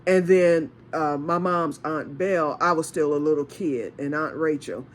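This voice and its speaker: A woman's voice: low voice, normal speed. Woman, from Michigan, casual storytime, chatty, rambling, laughs a lot, faint background hum. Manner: chatty, rambling, laughs often, acts out dialogue. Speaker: storytelling vlogger.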